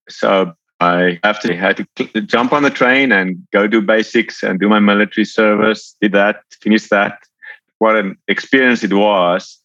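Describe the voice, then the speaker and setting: A man from South Africa with a South African accent, telling his life story as a podcast guest in a relaxed, rambling way. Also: lowish voice, no room sound, lo-fi sound. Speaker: podcast guest, Paralympic athlete. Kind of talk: casual storytelling.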